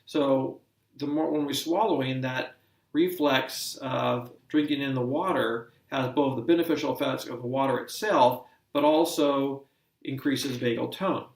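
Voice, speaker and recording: A man lectures in a measured, explanatory way, the way an instructor walks a class through a topic. His voice sits at an ordinary pitch for a man. It is picked up from a distance in a space with a noticeable room echo. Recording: roomy sound from a distant mic.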